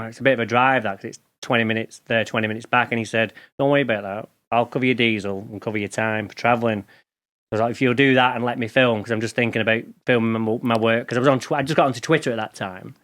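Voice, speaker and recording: A man's voice: medium pitch, steady tone, fast talker, a bit bright. A middle-aged man from England, a guest chatting casually in an interview, telling stories in informal slang. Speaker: podcast guest, lawn care expert.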